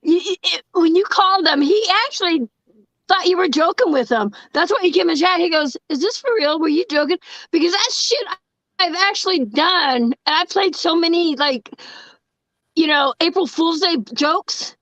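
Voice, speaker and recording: A woman chatting casually as a co-host, telling stories loudly and swearing freely, often breaking into laughter. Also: very high-pitched, expressive, moderate pace, no echo, dull audio. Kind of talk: casual chat.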